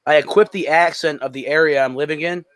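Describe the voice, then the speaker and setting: A man's voice: on the high side, fairly even intonation, fast, a bit bright. A man from North Carolina, a guest musician, chatting easily in an interview over a call and often answering with short agreements. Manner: easygoing, short agreeing replies. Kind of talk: casual interview chat. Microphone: call audio.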